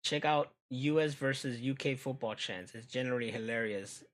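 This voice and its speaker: A man's voice: medium pitch, normal speed. An American man streaming, chatting casually and profanely while reacting to videos, often laughing. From United States.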